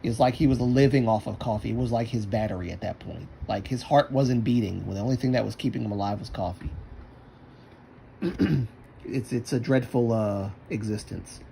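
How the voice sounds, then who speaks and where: Low gravelly man rambling on stream. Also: moderate pace, mellow, slight background noise. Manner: rambling, self-talking. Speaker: livestreamer. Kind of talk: casual stream chat while using a computer.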